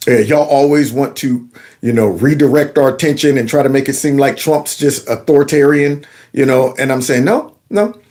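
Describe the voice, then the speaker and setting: A man's voice: mid-range voice, moderate pace, a little mellow. A man hosting a political commentary show, reacting to news clips with sarcastic, mocking rhetorical questions and casual colloquial talk. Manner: casual colloquial speech with y'all.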